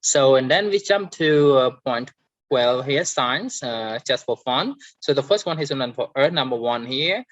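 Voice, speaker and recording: A man with a Cambodian accent teaching an English lesson, hesitant with many fillers, saying sample words louder to show stress. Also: medium pitch, lively intonation, a little slow, muffled recording. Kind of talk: online grammar and pronunciation lesson.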